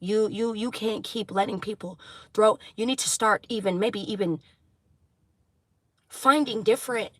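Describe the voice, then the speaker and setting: A woman giving a tarot reading to her viewers, preaching intensely, swearing, and apologizing for getting loud. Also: mid-range voice, a little slow, pauses often, dry recording. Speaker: tarot reader.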